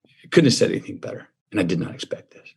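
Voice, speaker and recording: A man's voice: fairly low pitch, lively intonation, very fast, vocal fry, a little mellow, husky. A middle-aged man, telling a personal story in a podcast interview with a drawling, reflective manner. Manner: drawling, reflective storyteller acting out quoted voices. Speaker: guest.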